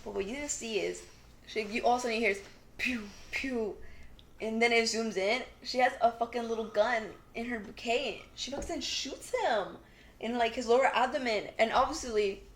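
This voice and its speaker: A woman's voice: on the high side, fairly quick. A young woman co-hosting a podcast, retelling a TV episode in casual chat, acting out the characters' lines and saying "like" a lot. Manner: animated storytelling, acts out quotes, many "like" fillers. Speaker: podcast co-host.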